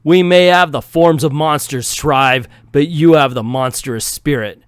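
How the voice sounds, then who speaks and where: A man's voice: a little high, unhurried, smooth, dry recording, clean studio sound, natural voice. A man playing a scornful vampire soldier. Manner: contemptuous, theatrical.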